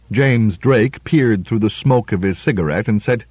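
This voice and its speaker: A man narrating a story in a measured storytelling voice. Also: fairly low pitch, slightly rough, dry recording. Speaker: audiobook narrator. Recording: dull lo-fi recording.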